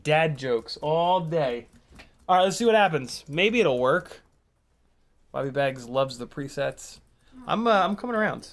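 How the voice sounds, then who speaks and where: A man's voice: on the high side, sing-song, moderate pace, fairly bright tone. A man hosting a casual live stream from a home workspace, chatting easily, joking, and reading out viewer comments while he works. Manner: easygoing, jokey, reads out viewer comments.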